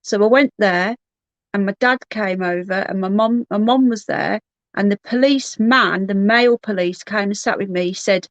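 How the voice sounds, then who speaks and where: A woman's voice: medium pitch, moderate pace, dry recording, muffled recording. Chatty woman on a dry mic. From Birmingham, England. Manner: candid, chatty, restarts often. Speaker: livestream host. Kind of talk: casual livestream chat, reading comments.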